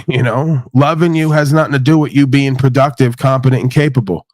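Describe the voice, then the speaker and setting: A man's voice: medium pitch, brisk, no echo. A man hosts a loose livestream chat, talking bluntly and swearing freely. His voice sits close and dry, with no room around it. He laughs often between his points. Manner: blunt, profane storytelling with frequent laughs. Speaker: host.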